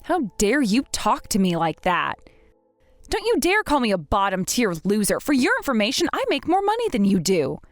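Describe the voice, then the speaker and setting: Indignant young woman, firm, voiced by a woman, slightly high, dry close sound. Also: wildly swooping pitch, normal speed, no room sound, faint music behind. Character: fed-up young woman confronting her rival. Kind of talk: text-message drama reading.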